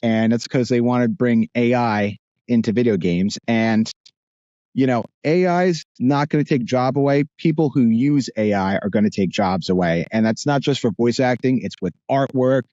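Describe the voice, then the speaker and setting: A man with a New Jersey accent, a voice actor chatting casually as a podcast guest, animated and rambling with restarts. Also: medium pitch, normal speed, no echo, lo-fi sound.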